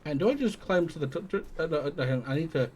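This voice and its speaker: A man's voice: on the high side, animated, fast, darkish tone, a little hiss or hum. A man streaming a game live, thinking aloud in a rambling way and swearing casually as he plays. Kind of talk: live gameplay commentary.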